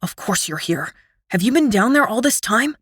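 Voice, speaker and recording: Woman reading stern young twin brother, hushed and cross, storybook, dry close sound. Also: medium pitch, expressive, moderate pace, slightly rough, dry recording. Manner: cross, scolding in hushed tones.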